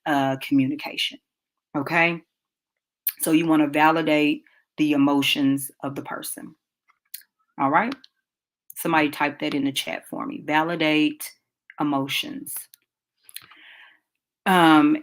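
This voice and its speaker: A woman hosting a podcast, teaching a live relationship class in a chatty, direct way and addressing listeners as y'all. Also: deep voice.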